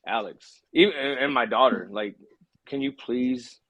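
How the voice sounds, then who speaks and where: A man's voice: medium pitch, measured pace, a bit bright. A man co-hosting a casual talk show with laid-back, agreeable banter. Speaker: co-host. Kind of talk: casual radio chat.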